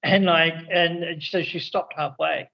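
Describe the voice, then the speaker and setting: A man's voice: a little high, steady tone, takes it slowly, gravelly, dull audio. A man on a video call at evening, talking casually and rambling with many restarts about spiritual teaching and regression work. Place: indoors in India, evening.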